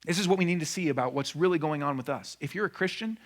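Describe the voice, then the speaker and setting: A man's voice: on the high side, quick pace. A male pastor delivering a sermon in a church, in a conversational style with frequent rhetorical asides. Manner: conversational preaching with rhetorical questions. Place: church room.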